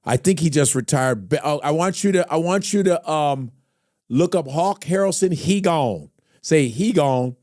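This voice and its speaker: An excitable man talks on a podcast, his pitch leaping around as he gets worked up. He has a slightly high voice for a man and a dry, close sound. He keeps breaking into loud sports-announcer impressions. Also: normal speed, no room sound. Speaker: podcast host. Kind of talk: casual podcast chat.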